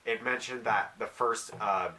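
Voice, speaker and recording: A man's voice: on the low side, fairly even intonation, measured pace, sharp tone. A teenage boy talking casually in a rambling, self-deprecating vlog monologue with jokey asides. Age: teens. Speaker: vlogger.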